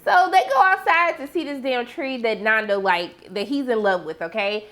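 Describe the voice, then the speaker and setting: Sassy, animated woman recapping TV. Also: fairly high pitch, normal speed. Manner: animated, sassy, acts out reactions to the characters. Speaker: TV recap host. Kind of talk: casual recap commentary.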